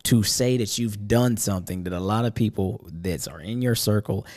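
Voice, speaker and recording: A man's voice: lowish voice, moderate pace, darkish tone. A man co-hosting a podcast in a studio, chatting casually and laid-back, swearing freely and laughing often. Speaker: podcast co-host. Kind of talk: casual chat.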